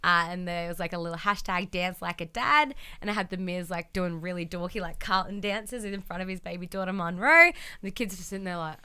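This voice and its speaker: Female podcast co-host, chatty storyteller, crisp and bright tone. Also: fairly low pitch, brisk, hardly any pauses. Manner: chatty, lots of ums, acts out quotes in voices. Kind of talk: casual wrestling recap chat.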